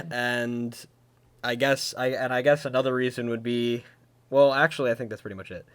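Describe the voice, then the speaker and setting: A man co-hosting a casual podcast discussion, talking in a hesitant way with many pauses and restarts, laughing often. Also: medium pitch, fairly even intonation, fairly bright tone, clear, resonant tone. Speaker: podcast co-host.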